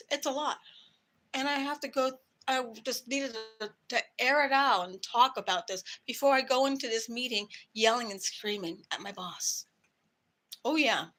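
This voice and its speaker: A woman's voice: a little high, unhurried, bright, forceful tone. A woman vlogger ranting to camera in a heated, profane way about her work. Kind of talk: angry personal rant to camera.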